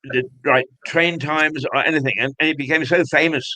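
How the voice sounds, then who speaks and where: A male host with a bright, forceful tone interviews a guest on a magazine show. He talks in a jovial, halting way and stops and restarts his sentences often. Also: on the high side, steady tone, low-quality recording. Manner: hesitant, many fillers and restarts, jovial.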